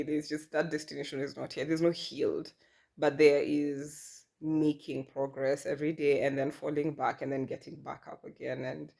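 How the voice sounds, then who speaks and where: A woman's voice: low voice, vocal fry, darkish tone, husky. A woman in her thirties talking candidly in a personal vlog, chatty and self-deprecating. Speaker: vlogger.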